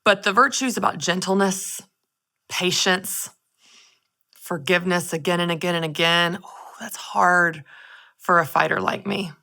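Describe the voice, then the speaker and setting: Woman host with a bright tense voice, talks straight to listeners, goes loud then almost whispers. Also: medium pitch. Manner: candid, chatty, addresses listeners as "y'all"; swings from loud exclamations to soft near-whispers. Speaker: podcast host. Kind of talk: personal faith storytelling to listeners.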